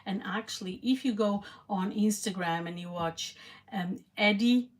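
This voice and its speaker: A woman with a Portuguese accent chatting excitedly and rambling as she cooks on camera. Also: mid-range voice, a little slow. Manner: excitable, rambling, with frequent restarts. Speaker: cooking vlogger. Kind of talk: casual cooking chat to camera.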